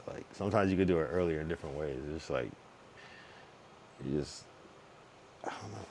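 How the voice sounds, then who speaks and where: A deep-voiced young man holds forth on his livestream, swearing freely and circling back over his own words. His talk is loose and rambling, full of restarts. A faint hiss sits under his voice. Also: a little fast, darkish tone. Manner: blunt, profane, rambling with frequent restarts. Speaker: streamer. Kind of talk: casual livestream monologue.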